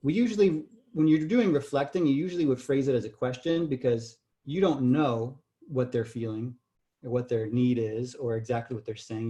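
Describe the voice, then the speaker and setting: Mellow-voiced man giving a workshop lecture. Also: mid-range voice. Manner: explanatory, frequent "right?" tag questions. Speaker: communication trainer.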